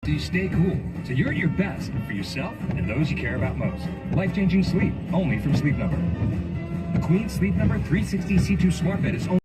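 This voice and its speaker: A man reading a radio ad smoothly and persuasively. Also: a little high, very animated, fairly quick, recorded from a distance, over loud music. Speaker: ad narrator. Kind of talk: scripted ad read. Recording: car radio heard from across the car.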